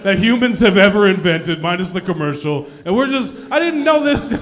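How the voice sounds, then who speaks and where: Self-mocking stand-up man, higher voice. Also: lively intonation, moderate pace. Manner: self-deprecating, laughs at his own jokes. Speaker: stand-up comedian. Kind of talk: stand-up comedy set. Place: comedy club stage.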